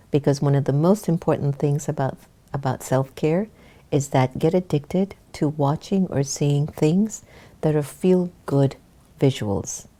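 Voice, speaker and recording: A woman's voice: sits low, warm tone. A woman hosting an online talk show, speaking in a chatty, encouraging way to her viewers. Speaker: host.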